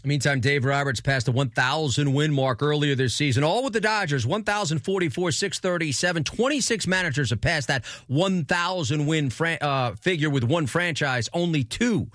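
Male sports radio host, slightly high voice, dry studio sound, brisk promo reads. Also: fairly bright tone, no room sound.

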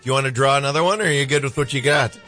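A man's voice: mid-range voice, racing, sharp tone, soft background music. A man hosting a radio show, joking and leading a party game in the studio. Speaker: radio host. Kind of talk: casual studio banter.

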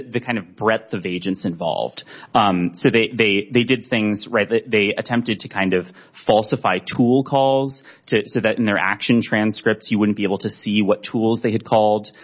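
A man testifying at a hearing as an auditor, explaining his findings in a measured way. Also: on the low side, breathy edge, dull audio. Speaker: auditor witness.

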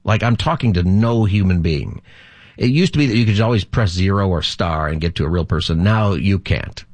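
A man's voice: sits low, normal speed, no room sound. A middle-aged man hosting a call-in radio talk show as a pastor, rambling and chatty, laughing easily.

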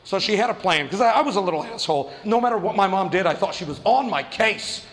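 A man doing stand-up comedy, telling a story fast and animatedly and acting out the voices of the people in it. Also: high-pitched, animated, a bit bright, long reverb tail. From New Mexico.

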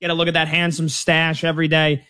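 Brief: male radio host, fairly high voice, dry studio sound, breezy banter. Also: monotone, fast, pushed and bright, dry recording. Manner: upbeat, folksy promos and banter. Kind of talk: casual sports radio hosting.

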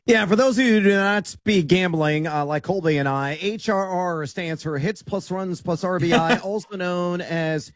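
A man's voice: sits high, moderate pace, few pauses, no room sound, clean studio sound. A man co-hosting a sports betting radio show, explaining betting terms and teasing the guest playfully.

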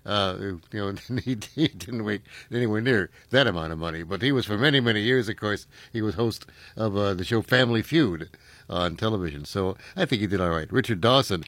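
A man hosting a radio talk show, talking in a relaxed, conversational way with fillers. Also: on the low side, a little fast, no room sound. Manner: conversational, uses fillers, chuckles easily. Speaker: radio host.

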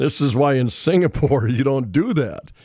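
A man's voice: medium pitch, moderate pace. A man co-hosting a talk radio show in casual, jokey banter full of restarts. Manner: jokey, animated, trailing restarts. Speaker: radio co-host.

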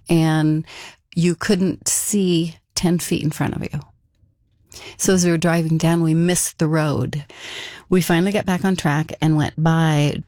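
A woman's voice: low-pitched, dark tone, no echo, studio quality. A woman telling a personal story in an interview, casual and conversational, with frequent fillers. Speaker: interview guest.

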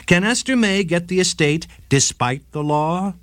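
A man's voice: high voice, a little slow, few pauses, dry recording, studio quality. A man hosting a short legal radio segment, reading a scripted case story with dramatic flair. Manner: dramatic, lively storytelling read.

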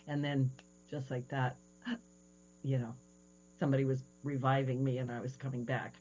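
Radio host, female, low voice with a faint hum behind, chatty storyteller. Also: moderate pace, low-quality recording. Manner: animated storytelling, hesitant fillers. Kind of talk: casual radio interview chat.

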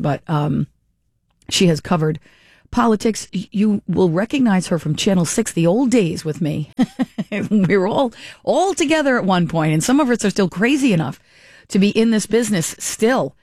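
A woman's voice: fairly low pitch, expressive, moderate pace, darkish tone, dry recording, studio quality. A middle-aged woman hosting a radio talk show, chatting casually and rambling with fillers and restarts.

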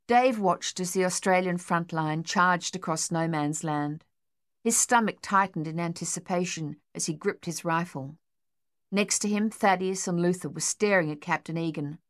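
Woman narrating an audiobook, low and dry. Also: no echo.

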